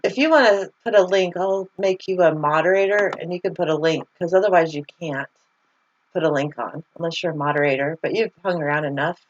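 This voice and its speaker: A woman's voice: fairly low pitch, fairly quick. A woman hosting a casual livestream, chatting loosely, laughing often and reading viewer comments aloud over a video call. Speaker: livestream host. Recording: slightly muffled video call audio.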